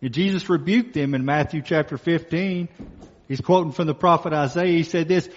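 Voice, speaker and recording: A male pastor preaching a sermon, emphatic, slowing down and repeating key phrases for stress. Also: a little high. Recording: muffled sound with long reverb in a hall.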